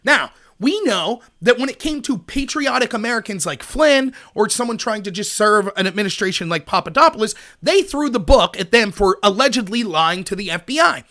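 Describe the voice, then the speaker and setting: A man hosting a political commentary livestream, talking in an animated, sarcastic, ranting way. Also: sits high, moderate pace, few pauses. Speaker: host.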